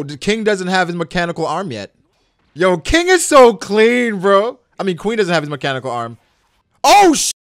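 A man hosting a reaction channel, giving excitable, profane live commentary that breaks into shouts. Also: mid-range voice, no room sound, studio quality. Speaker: anime reaction channel host.

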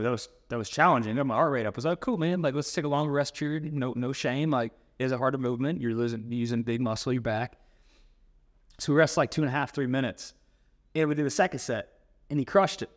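A man telling a story in a relaxed interview. He talks casually and swears now and then. When he acts out what people said, his voice jumps up in pitch. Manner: animated storyteller, acts out quotes. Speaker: personal trainer.

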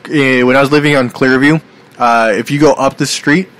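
A man hosting a loose, casual podcast. His voice sits in a middle pitch, and he reads news items aloud between bursts of laughter. He swears freely. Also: steady tone, moderate pace, a bit bright. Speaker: podcast host.

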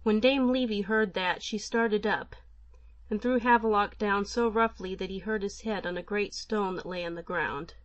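A woman narrating an old folk tale for an audiobook in a measured, even manner. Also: medium pitch, no echo, lo-fi sound.

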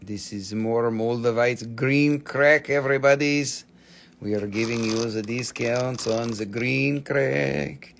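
Gravelly man hawking stones live. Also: medium pitch, fairly even intonation, takes it slowly, fairly bright tone, slight background noise. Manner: joking patter in playful broken English. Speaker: seller on a live shop stream. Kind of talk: live sales pitch.

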